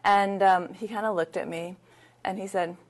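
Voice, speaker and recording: A woman's voice: medium pitch, moderate pace. A middle-aged woman as an interview guest, talking in a candid, anecdotal, conversational way. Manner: candid, anecdotal, lively retelling. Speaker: interview guest, leadership consultant. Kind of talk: conversational storytelling.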